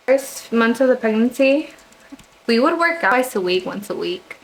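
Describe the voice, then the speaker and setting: A woman's voice: on the high side, animated, moderate pace, gravelly, a bit bright, a little hiss or hum, rough recording. A young woman vlogger chatting casually through a personal storytime while getting ready, quoting others in her own voice.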